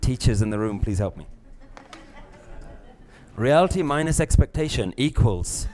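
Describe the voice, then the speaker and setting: A middle-aged man, teaching a live class, lively, acting out little scenes and laughing often. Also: fairly low pitch. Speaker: spiritual teacher.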